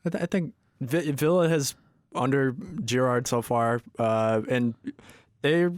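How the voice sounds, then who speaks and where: A man guesting on a casual sports podcast in a home studio, relaxed and hedging his picks with fillers. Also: mid-range voice, measured pace, no echo.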